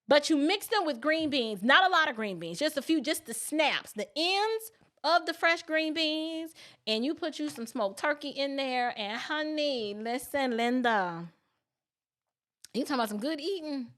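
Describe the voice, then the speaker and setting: A woman's voice: sits high, animated, measured pace, a bit bright. Chatty woman livestreaming to viewers. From New York City. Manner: chatty, folksy, talks straight to viewers. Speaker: livestream host. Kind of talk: casual livestream chat with viewers.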